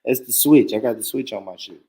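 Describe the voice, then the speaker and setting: A man's voice: mid-range voice, brisk, mellow, breathy edge, low-quality recording. A man hosting a podcast in casual chat, loose and joking, swearing and laughing often.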